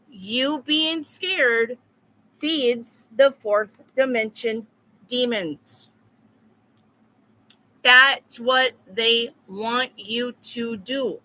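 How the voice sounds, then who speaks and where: A woman's voice: a little high, pushed and bright. A woman tarot reader talking live to her viewers in a blunt, repetitive, profane way. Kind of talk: live-stream chat with viewers.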